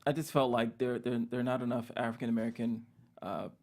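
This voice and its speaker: A man's voice: medium pitch, level tone, fast talker, a little mellow. A man interviewed about his series, speaking hesitantly with many restarts. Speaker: series creator and director. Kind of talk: casual interview chat.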